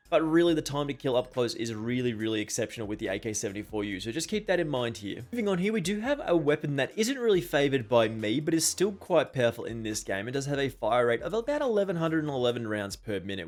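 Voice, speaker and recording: A man hosting a gaming channel, giving a brisk voice-over guide to weapon loadouts and often repeating stock phrases. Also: mid-range voice. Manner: brisk, repeats filler phrases like "just keep that in mind".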